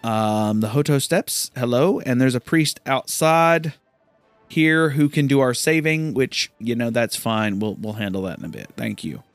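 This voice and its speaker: A man's voice: mid-range voice, a little slow, no room sound, soft background music. A man giving casual, rambling commentary while playing a video game, often incredulous at what happens. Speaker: gamer. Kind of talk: let's play commentary.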